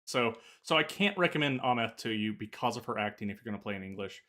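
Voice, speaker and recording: A man's voice: lowish voice, lively intonation, quick pace, sharp tone. A man co-hosting a podcast, opinionated and chatty, laughing at his own jokes and stumbling over restarts. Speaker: podcast co-host. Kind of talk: casual chat.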